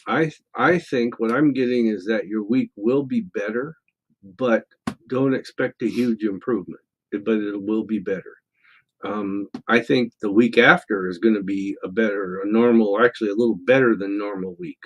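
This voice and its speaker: A middle-aged man co-hosting a psychic call-in show, answering listener questions in a relaxed, rambling way full of fillers and restarts. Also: on the low side, normal speed. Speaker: psychic radio show co-host. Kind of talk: casual call-in chat, reading listener questions.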